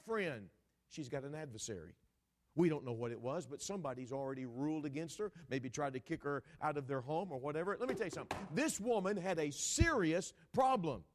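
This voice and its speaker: A preacher addressing his congregation in an animated, dramatic sermon. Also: on the high side. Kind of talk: sermon storytelling.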